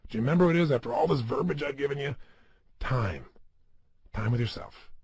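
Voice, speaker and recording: A man with a husky, fairly high voice delivers a motivational seminar talk. His pitch swings widely as he presses his points home with emphatic rhetorical questions. The sound is dry and close. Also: expressive, brisk, darkish tone, no echo. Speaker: motivational speaker.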